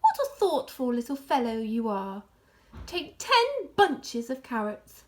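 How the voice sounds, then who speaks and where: Storybook fox father, high and lively, voiced by a woman, puffed up and pleased. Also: takes it slowly, full character voice. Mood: fond. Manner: grand, relish-filled, commanding. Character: proud, showy adult male fox, head of family.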